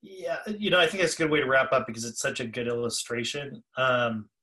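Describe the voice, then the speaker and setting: A man's voice: mid-range voice, a little fast, bright, forceful tone. A man co-hosting a podcast about listening skills, telling a story and acting out the people in it. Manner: storytelling, acts out quoted callers. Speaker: podcast co-host, trainer. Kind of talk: conversational podcast talk.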